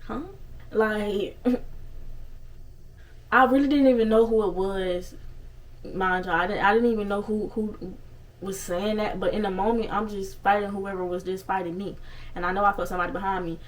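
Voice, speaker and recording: A young woman telling a story casually on her vlog, animated and swearing freely, with lots of asides. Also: medium pitch, normal speed, pauses often, far from the mic, poor audio. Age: young adult. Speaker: storytime vlogger.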